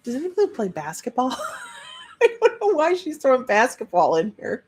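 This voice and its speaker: A woman's voice: high voice, wildly swooping pitch, moderate pace, husky. A woman working as a psychic medium, giving a chatty live-streamed reading and relaying messages with frequent restarts.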